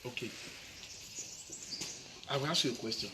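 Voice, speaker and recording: Speaking at a normal pace with a medium-pitched voice, this pastor quizzes his congregation and the children during a sermon in Nigerian Pidgin. Tag questions such as "eh?" recur constantly, and there's noise behind him.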